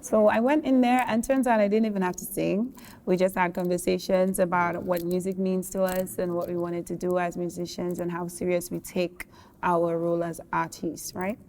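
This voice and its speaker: A young adult woman, a singer, talking in a relaxed, thoughtful way during an interview and laughing often. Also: on the low side, moderate pace. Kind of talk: casual interview talk. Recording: long hall reverb.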